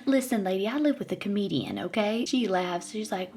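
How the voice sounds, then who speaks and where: A woman's voice: medium pitch, animated, a little fast, hardly any pauses, a little mellow. A woman in her thirties telling a comedic personal story to her viewers in a playful way, laughing often. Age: 30s. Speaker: vlogger.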